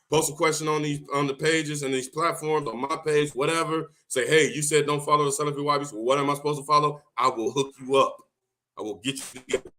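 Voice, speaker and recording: A man talking loudly and excitedly in a solo monologue, often repeating himself for emphasis. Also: on the high side. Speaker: video host giving religious advice. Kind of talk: impassioned solo monologue to camera.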